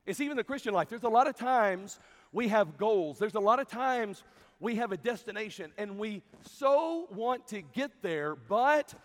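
A man preaching a sermon, telling a story with lively acted-out dialogue. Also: sits high. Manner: animated storytelling, acting out dialogue. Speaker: camp preacher. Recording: long hall reverb.

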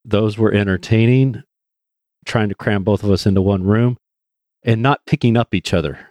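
Low-voiced joking male co-host. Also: normal speed, darkish tone, no room sound, studio quality. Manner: joking, self-deprecating. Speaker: podcast co-host. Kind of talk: casual podcast banter.

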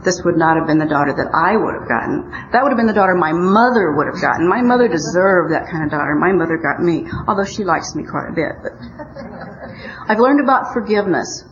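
A woman's voice: fairly low pitch, lively intonation, brisk, crowd noise. An older woman from Omaha, Nebraska, giving a personal recovery talk in an earnest, storytelling way with wry humor. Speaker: speaker at a recovery meeting. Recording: muffled roomy recording.

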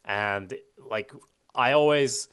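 A man co-hosting a casual podcast recap, animated and acting out his reactions, with casual swearing. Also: medium pitch, takes it slowly, smooth. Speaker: podcast co-host.

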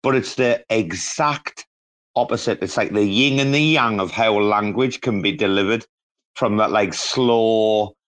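A man chatting as a guest on a podcast, rambling with lots of restarts and growing excitement. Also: lowish voice, a little slow. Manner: rambling and enthusiastic, many restarts. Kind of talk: casual podcast chat.

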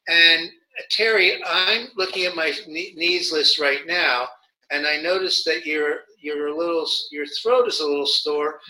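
A man's voice: a little high, sharp tone, rough recording. A man being interviewed as a guest, talking through communication ideas with frequent restarts and acted-out examples. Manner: halting, many restarts, acts out quoted examples. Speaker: guest, nonviolent communication educator. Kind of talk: conversational interview.

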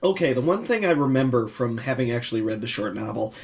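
A man's voice: medium pitch, expressive. A man in casual podcast banter, trading dry one-liners. His voice is mid-range and unremarkable. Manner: dry, quick wisecracks. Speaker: podcast co-host. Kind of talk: casual chat.

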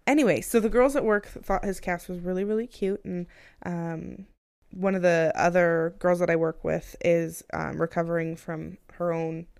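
A woman's voice: on the low side, steady tone, normal speed, gravelly, darkish tone, clean tone, no echo, clean studio sound. A woman co-hosting a podcast, chatty and rambling, trailing off into fillers and short laughs. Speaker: podcast co-host. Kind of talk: casual storytelling chat. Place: small indoor room.

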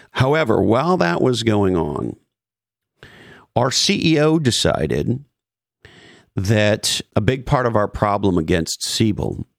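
A middle-aged man, a former marketing executive, telling stories in a casual podcast chat, profane and animated, mimicking the people in his stories. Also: fairly low pitch, no echo, studio quality. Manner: profane, animated storyteller who mimics others.

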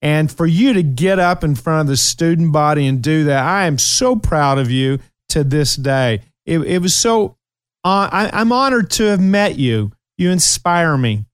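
A man's voice: a little high, animated, a little slow, clean tone, no echo, clean studio sound. A middle-aged man with a Kentucky accent, hosting a talk show and telling emotional stories with many fillers. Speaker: show host. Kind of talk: casual radio talk show chat.

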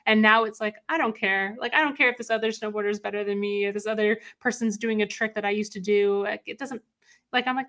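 A woman guest chatting in an easygoing, relaxed way, with many fillers. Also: medium pitch, fast talker. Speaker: guest, pro snowboarder. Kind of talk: casual chat.

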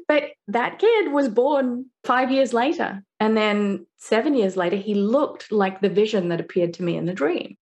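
A woman author, a guest on a podcast interview, telling personal stories in an animated way and laughing often. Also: a little high, unhurried. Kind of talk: conversational interview.

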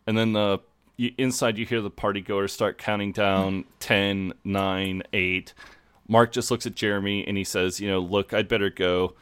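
Male co-host, lowish voice, dry close sound, swears and laughs while retelling scenes. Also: steady tone, normal speed, a bit bright, clear, resonant tone, no room sound. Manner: laughing, swearing storyteller who acts out quotes. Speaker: podcast co-host. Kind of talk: casual chat recapping a TV episode.

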